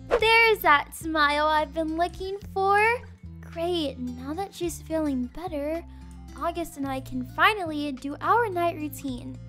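A young woman with a very high, bright voice runs a playful game roleplay as a mom. She talks slowly, slipping from cooing baby talk into chatty commentary. Her tone stays lively and animated throughout.

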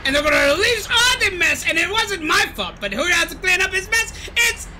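A woman voicing a grumpy middle-aged male cartoon mad scientist, shouting and ranting over gameplay. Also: very high-pitched, sing-song, fairly quick, very noisy. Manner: shouty, ranting, self-pitying. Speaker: gaming streamer. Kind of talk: gameplay commentary in character.

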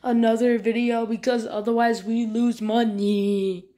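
A woman playing a pompous, greedy boss in a comedy skit, speaking in stiff, formal, deadpan phrases. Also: on the high side, measured pace, natural voice. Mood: bossy. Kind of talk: comedy skit role-play.

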